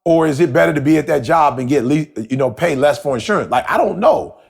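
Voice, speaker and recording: A man's voice: on the high side, animated, quick pace, creaky, slightly rough. A man co-hosting a podcast, telling a story in casual talk and repeating himself as he goes. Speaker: podcast co-host.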